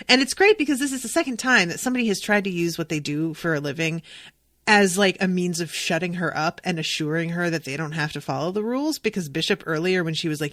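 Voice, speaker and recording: A woman hosting a podcast, chatting about a TV episode in an excitable way, swearing freely and acting out the characters' lines. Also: lowish voice, fast talker, no room sound, studio quality. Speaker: podcast host recapping a TV episode. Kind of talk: casual chat.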